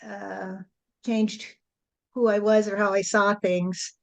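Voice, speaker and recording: Reflective woman guest, measured speech. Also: mid-range voice, flat delivery, gravelly. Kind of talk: spiritual interview conversation.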